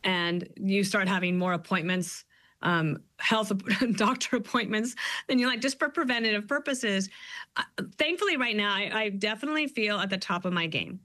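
Bright-voiced woman telling stories. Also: medium pitch, no room sound. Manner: animated storyteller, quick asides. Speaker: guest author. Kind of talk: conversational interview.

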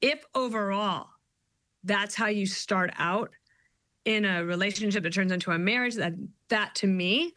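A woman in her fifties, a guest author, telling stories in an animated, quick way during an interview. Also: medium pitch, no room sound, studio quality. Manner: quick, animated storytelling with quoted asides. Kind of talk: interview conversation.

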